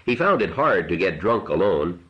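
A man narrating a novel in a steady, unhurried audiobook reading, in a dull lo-fi recording. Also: deep voice.

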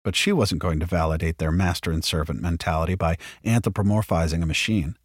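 Guy reading scifi story aloud, lowish voice, dry close mic. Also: fairly quick, no room sound. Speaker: narrator. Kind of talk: audiobook reading of science fiction.

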